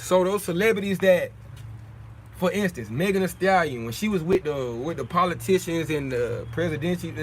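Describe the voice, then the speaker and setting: A man's voice: on the high side, a little hiss or hum. A young man hosting a casual livestream, talking in streetwise slang in a preachy way, often repeating his points. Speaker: livestream host.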